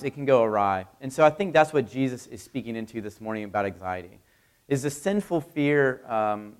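Man, pastor, conversational sermon, mid-pitched voice, fillers, louder scripture reading.

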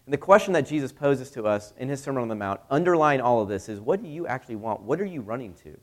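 A man's voice: mid-range voice, lively intonation, fast talker. Conversational male pastor preaching. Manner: conversational preaching, rhetorical questions. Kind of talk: sermon.

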